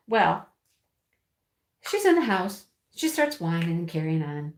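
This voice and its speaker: A woman's voice: fairly low pitch, a little slow, pauses often. Chatty woman telling stories in a roomy space. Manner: rambling, animated storytelling with frequent laughs. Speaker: livestream host. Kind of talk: casual chat while crafting. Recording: roomy echo.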